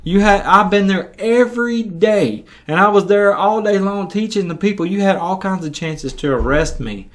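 A man's voice: sits high, lively intonation, normal speed, hardly any pauses, voice pushed up. Man doing an authoritative teacher in a retold scripture scene, firm questioning voice, slightly raised. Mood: challenging. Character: calm authoritative male teacher questioning captors.

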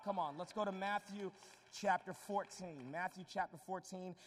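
A man's voice: sits high, moderate pace. A man preaching a live sermon in an emphatic way, urging the crowd to call back to him in a large hall. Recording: long hall reverb.

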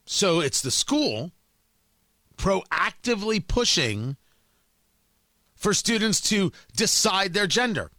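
Combative high-voiced male commentator. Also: big pitch swings, slow pace, long pauses, pushed and bright, no room sound. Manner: combative, emphatic, rhetorical questions. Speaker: political commentary host. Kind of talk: opinion monologue.

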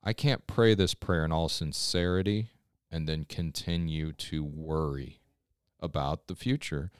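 A man's voice: extremely low pitch, fairly even intonation, measured pace, smooth, dry recording, clean studio sound. A man, a pastor, giving an earnest, conversational scripture devotional on a podcast and often checking in with listeners.

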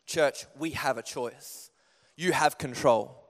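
A young man preaching a sermon in a church, telling stories in an animated way that climbs higher and louder as he gets going. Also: slow pace. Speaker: pastor. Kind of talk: sermon with personal storytelling. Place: church hall. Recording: long hall reverb.

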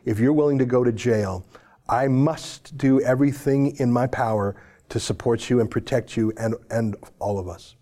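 A man hosting a talk show, giving emotional, pleading commentary that swings from loud declarations to hushed near-whispers. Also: medium pitch, moderate pace. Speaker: show host. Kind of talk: impassioned commentary.

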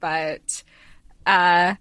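A woman's voice: fairly low pitch, steady tone, extremely slow, pushed and bright, smooth, no room sound. A woman co-hosting a book podcast, musing thoughtfully in casual chat. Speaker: podcast co-host.

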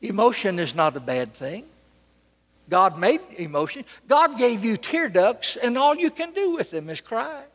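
A man preaching a sermon from a church pulpit, dramatic and emphatic, repeating phrases and swinging between loud and soft. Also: sits high, sing-song, measured pace, long reverb tail.

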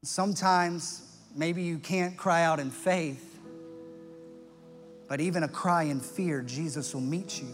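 High-voiced preacher in a reverberant hall. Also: male voice, slow pace, long pauses. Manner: impassioned, swings from loud to hushed for emphasis. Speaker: pastor. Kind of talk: sermon. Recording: long church-hall reverb with faint music.

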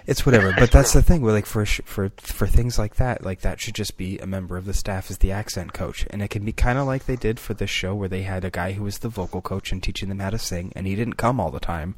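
A man's voice: low-pitched, fast, few pauses. A man co-hosting a casual podcast chat, telling rambling stories in an earnest way. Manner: chatty storyteller, earnest and rambling. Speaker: podcast co-host.

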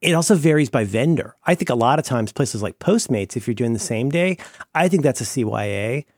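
A man's voice: medium pitch, lively intonation, brisk, a little mellow, no room sound, clean studio sound. A man co-hosting a podcast in casual chat, dropping wry jokes and asides. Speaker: podcast co-host.

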